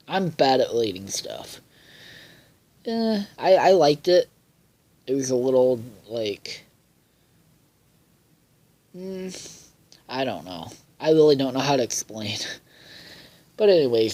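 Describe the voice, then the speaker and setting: A man's voice: big pitch swings, measured pace, pauses often, darkish tone. Rambling, profane young man reviewing a cartoon. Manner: rambling, profane, with many fillers; acts out characters' lines in higher voices. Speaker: show reviewer. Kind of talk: casual episode review.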